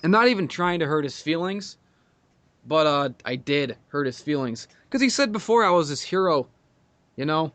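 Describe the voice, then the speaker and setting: Casting: man, raised pitch, crude swearing podcast storyteller, dry close sound. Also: lively intonation, normal speed, fairly bright tone, dry recording. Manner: profane, storytelling, laughs a lot. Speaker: podcast guest. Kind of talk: casual crude podcast chat.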